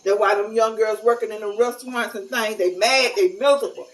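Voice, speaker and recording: Middle-aged woman, blunt, folksy, candid vlog talk, mid-pitched voice. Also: steady tone, fairly quick, slight background noise, poor audio. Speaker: vlogger. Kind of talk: casual talk to camera.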